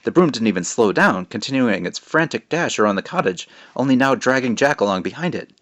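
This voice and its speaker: A man, the author, reading his children's book aloud with lively narration. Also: mid-range voice, fairly quick.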